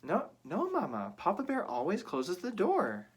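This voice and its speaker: Man doing a high, whiny little bear cub. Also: wildly swooping pitch, unhurried, slightly rough, heavily acted. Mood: insistent. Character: small tearful young boy bear cub.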